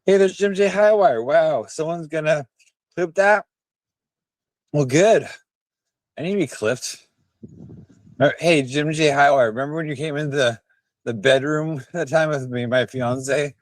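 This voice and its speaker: A man's voice: on the high side, measured pace, long pauses, no room sound. A tipsy man live streaming while walking outdoors, rambling and bantering rowdily with his chat on a handheld phone. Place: outdoors on town streets.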